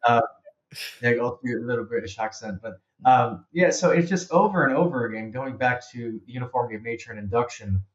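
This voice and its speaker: A man's voice: mid-range voice, brisk. A man, a guest author, explaining his arguments earnestly and returning to the same key points. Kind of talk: casual conversation. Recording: slightly muffled sound.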